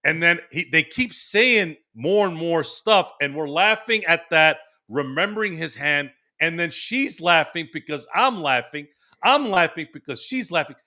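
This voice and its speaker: A man in his forties, a podcast host, telling a long casual story, animated and full of restarts. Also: on the high side, unhurried. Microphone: remote stream microphone.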